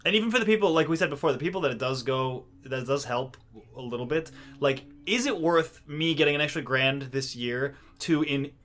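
A man telling a story on a casual political podcast, incredulous and peppering it with swears. His voice is bright and forceful and sits a little high. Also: fairly quick. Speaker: podcast co-host.

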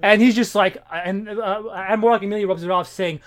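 A man in casual chat, retelling a comic's plot in a rambling, animated way with many fillers and restarts. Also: sits high, fast talker. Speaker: comic book podcast co-host.

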